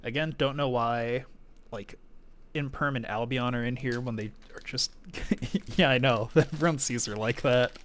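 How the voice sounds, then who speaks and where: A man's voice: medium pitch, slight background noise. Chatty man opening card packs on stream. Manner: chatty, thinking aloud, quick excited exclamations. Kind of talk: casual live-stream chat.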